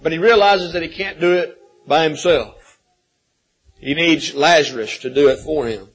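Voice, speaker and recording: A man's voice: a little high, normal speed, husky, rough recording. A man preaching a sermon, telling a folksy story with frequent restarts and repeated words.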